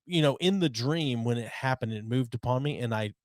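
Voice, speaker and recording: A man's voice: medium pitch, fairly quick, no echo, studio quality. A man co-hosting a podcast, telling about a dream in a hesitant, thoughtful way. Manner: thoughtful, hesitant, with many fillers. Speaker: podcast co-host. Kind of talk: casual chat.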